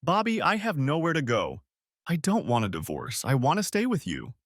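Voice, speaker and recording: A man's voice: on the high side, wildly swooping pitch, moderate pace, no echo, clean studio sound, voice pushed up. A man voicing an adult wife who stammers defensively and pleads through tears. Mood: tearful. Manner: stammering, defensive then sobbing.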